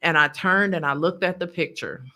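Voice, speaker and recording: Her voice is lowish and sharp in tone, moving at a normal speed. On a podcast, this woman shares a personal story emotionally and vividly, performing other people's words as she goes.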